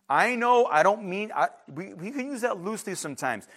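A man's voice: high-pitched, animated, fairly quick, few pauses, fairly bright tone. A man preaching a sermon in an emphatic, conversational way, with frequent restarts and asides to the congregation. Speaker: pastor.

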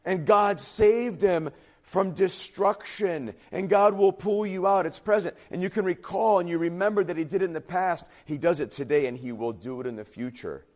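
An earnest male pastor delivers a sermon with fervent emphasis, his voice a touch higher than most men's. At moments his voice falters and sinks to a quiet, husky tone. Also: moderate pace. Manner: earnest, emphatic preaching with rising intensity.

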